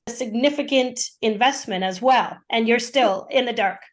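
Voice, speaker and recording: Woman host, voice a little high, keeps the chat moving and prompts her guest. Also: normal speed. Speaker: podcast host. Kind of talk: casual interview chat.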